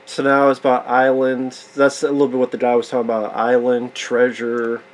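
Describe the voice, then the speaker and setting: A man reacts to a movie in casual, profane commentary, sounding sarcastic and incredulous. His voice sits at a middling pitch, and he swears freely as he reacts. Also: monotone, fairly quick, poor audio.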